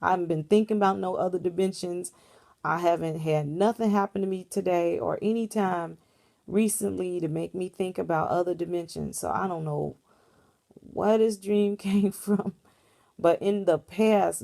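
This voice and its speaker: A woman with a fairly low, gravelly voice tells a dream to the camera, rambling and earnest. She talks casually, like a vlogger speaking off the cuff. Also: normal speed, dark tone. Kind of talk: casual spoken recounting of a dream.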